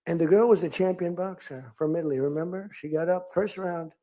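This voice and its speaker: A man's voice: fairly high pitch, a little fast, warm tone. An older man giving a rambling, off-script speech to a crowd, telling stories and acting out quoted lines in other voices. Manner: storytelling, acts out quotes in different voices. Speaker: political speaker.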